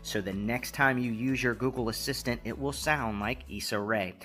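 A man's voice: medium pitch, normal speed, sharp tone, soft background music. A man hosting a tech tutorial, giving easygoing, repetitive step-by-step instructions with casual fillers.

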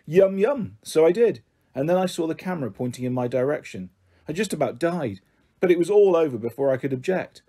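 A man's voice: fairly high pitch, mellow, breathy edge. A man reading a children's storybook aloud, narrating expressively. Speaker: audiobook reader.

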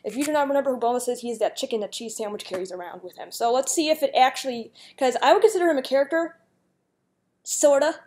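A young woman YouTuber chats casually and giggles while reading out a guessing game's questions and answering them. Her voice sits high and is a little mellow, she talks quickly, and there's slight background noise.

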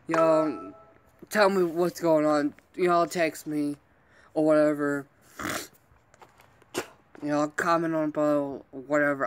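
A man's voice: on the high side, little pitch movement, takes it slowly, long pauses, a little hiss or hum. A man venting to his viewers in a vlog, upset and rambling, swearing constantly and apologizing for going off. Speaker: vlogger.

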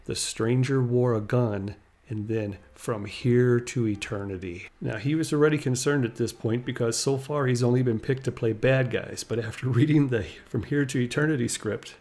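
A man's voice: mid-range voice, moderate pace, a little mellow. A man narrating a life story in a casual, conversational way, retelling anecdotes with small laughs. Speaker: channel host and narrator.

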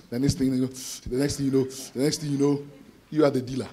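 A man preaching an expository sermon to students, animated, acting out voices with sudden shouted bursts. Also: mid-range voice, fairly quick, slightly rough. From Ghana. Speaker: conference speaker preaching to students.

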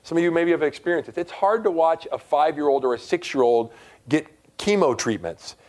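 A middle-aged man, a pastor giving a conversational sermon with loud, emphatic rises in his voice. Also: a little high, expressive, brisk.

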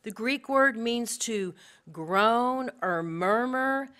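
A middle-aged woman teaching a women's Bible study to a live group, earnest and animated, speaking straight to her listeners. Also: on the high side, extremely slow. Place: room with a live audience.

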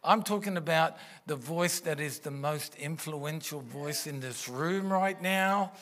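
A man's voice: on the high side, unhurried, a bit bright. A man, preaching a sermon in a church and speaking into a stage microphone in an earnest, conversational way with rhetorical questions. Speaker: pastor. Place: church auditorium.

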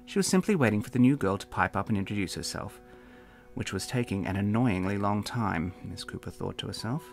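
A man's voice: fairly low pitch, expressive, fairly quick, creaky, faint music behind. A man, the author, narrating a fantasy novel in a dry, wry storytelling manner. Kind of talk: audiobook narration.

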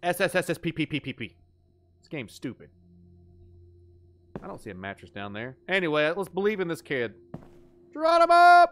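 A man's voice: fairly high pitch, very animated, fairly quick, long pauses, a bit bright. A young adult man giving live gameplay commentary as a streamer, goofy and joking, swearing at his mistakes.

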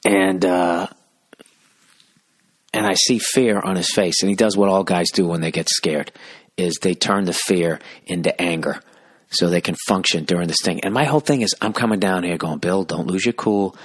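Man in his forties, podcast host, low husky voice, profane, animated storytelling. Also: no echo, studio quality. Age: 40s. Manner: fast, sweary, acts out both sides of a story. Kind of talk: profane comic rant.

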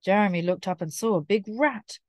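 A woman reads a children's picture book aloud, clear and careful, and goes back over key phrases slowly. Her voice sits at a mid pitch and sounds close and dry, with no room echo. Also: darkish tone. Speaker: storybook reader. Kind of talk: children's story read-aloud.

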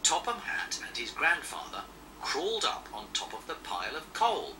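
A man narrating a children's storybook in an expressive, animated way. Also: on the high side, moderate pace, recorded from a distance, slight background noise, rough recording.

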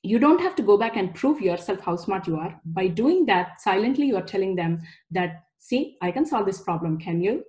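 A woman's voice: medium pitch, expressive, normal speed, darkish tone. A woman in her forties giving a chatty, anecdote-filled parenting talk, with frequent laughs. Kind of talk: casual presentation talk.

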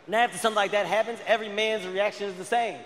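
A man performing a loud, profane stand-up comedy set, telling an animated story. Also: sits high, very fast. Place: large theater stage. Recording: live stage mic with hall reverb.

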